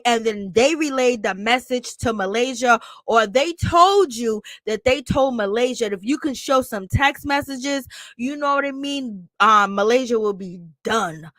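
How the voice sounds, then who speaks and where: A woman's voice: fairly high pitch, dry recording, clean studio sound. Sassy woman dishing reality-show gossip. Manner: animated, sassy, retells scenes in quoted voices. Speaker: reality TV commentator. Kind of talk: casual gossip commentary.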